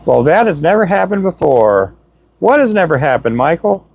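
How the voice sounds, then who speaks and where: Chatty man with a higher voice. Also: sing-song, moderate pace, vocal fry, a little hiss or hum. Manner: chatty, self-described chatterbox; cheerful shout-outs and jokes. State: tired voice from talking a lot. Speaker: livestream host. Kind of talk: casual live-stream chat. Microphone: Donner microphone.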